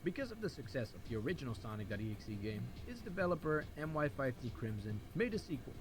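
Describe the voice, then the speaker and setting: A man narrating an internet history video in a quick, lively, wry way. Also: mid-range voice, background noise. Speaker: YouTube narrator. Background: music.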